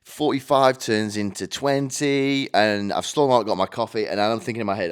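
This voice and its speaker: A man's voice: lowish voice, normal speed, hardly any pauses, clean tone. A man in his twenties with a British accent, telling a story in a rambling, self-mocking monologue full of coarse slang. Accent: British English. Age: 20s. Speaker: podcast host.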